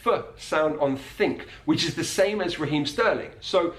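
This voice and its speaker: A man teaching about accents in a clear, patient way, slowing down to demonstrate individual sounds. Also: on the high side, a little hiss or hum. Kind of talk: explanatory video lesson. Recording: echoey room.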